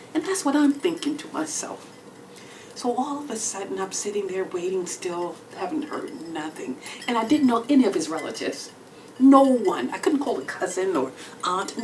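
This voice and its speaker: A woman with a Texan accent performing a stand-up storytelling solo show, swinging between hushed whispers and loud exclamations. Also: mid-range voice, slight background noise. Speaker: comedian. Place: comedy club stage. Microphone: stage microphone. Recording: distant mic with faint club ambience.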